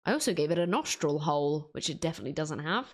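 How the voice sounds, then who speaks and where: A woman's voice: low-pitched, lively intonation, fast. A woman chatting casually to herself as she draws, in a self-mocking, rambling way. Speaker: artist and video creator. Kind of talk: casual commentary while drawing.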